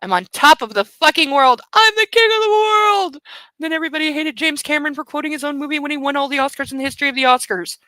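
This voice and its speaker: Bright-voiced woman reading with sarcastic asides. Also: high voice, racing, few pauses, no echo, low-quality recording. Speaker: book club host reading aloud. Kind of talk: comedic reading with commentary.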